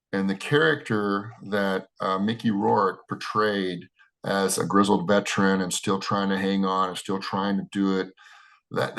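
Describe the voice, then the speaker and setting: A man's voice: low-pitched, a bit bright. A middle-aged American man, a wrestler, answering interview questions in a rambling way with many restarts and "you know"s. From United States.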